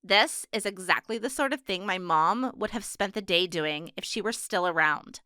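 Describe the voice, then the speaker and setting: A woman's voice: mid-range voice, expressive, normal speed, pushed and bright, clear, resonant tone, no room sound, studio quality. A woman doing a brooding teenage girl. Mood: hushed.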